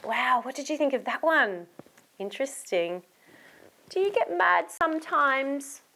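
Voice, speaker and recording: A woman's voice: high-pitched, expressive, unhurried, sharp tone. An Australian woman hosting a children's storytime show, coaxing young kids directly in a playful voice with gasps and exclamations. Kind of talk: children's storytime and sing-along.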